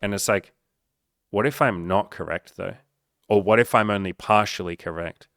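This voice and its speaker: A man's voice: fairly low pitch, moderate pace, gravelly, fairly bright tone, no echo. A male life coach talking straight to the viewer in a blunt, emphatic way, swearing often and mocking the doubts in people's heads. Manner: blunt and profane, heavy swearing; emphatic, mocks the listener's inner voice. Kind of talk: motivational monologue.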